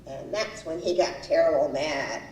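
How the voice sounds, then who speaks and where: A woman's voice: sits low, normal speed, a little mellow, a little hiss or hum, lightly acted. A woman acting a gossipy young housemaid in a stage play, retelling a quarrel and acting out each voice. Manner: breathless gossip, acts out each quoted voice. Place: small community theater stage. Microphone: far-off room mic. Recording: roomy stage sound from far off.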